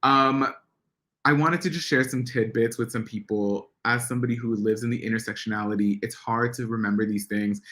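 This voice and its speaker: A young man from Central America speaking to a live audience as a guest speaker, an animated storyteller who acts out family members' voices. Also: medium pitch.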